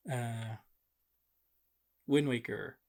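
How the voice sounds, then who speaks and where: Male co-host, easygoing and hesitant, mid-pitched, casual podcast talk. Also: fairly even intonation, drawn-out words, a little mellow. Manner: laid-back, hesitant, many fillers. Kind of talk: casual chat.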